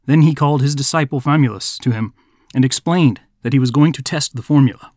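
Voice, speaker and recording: Male podcast narrator, mid-pitch, dry booth sound, measured folk-tale reading. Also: expressive, darkish tone, dry recording. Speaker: podcast host.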